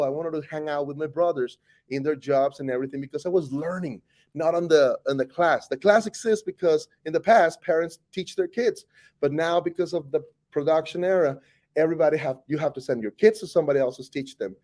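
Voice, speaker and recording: Telling his own story in an interview, a teacher from Costa Rica speaks fairly high and a little fast in a Costa Rican Spanish accent. He's animated and digressive, repeatedly fixing what he just said.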